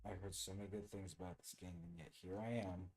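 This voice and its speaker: A man's voice: low voice, flat delivery, quick pace, a little mellow, poor audio. A tired man streaming a video game, reading bits aloud and making dry, sarcastic remarks while yawning. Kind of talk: casual let's-play commentary.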